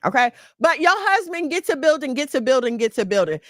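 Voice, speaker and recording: A woman hosting a podcast, giving emphatic, preachy advice through lively storytelling. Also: sits high, brisk, hardly any pauses, no echo, studio quality. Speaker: podcast host. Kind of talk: casual advice talk.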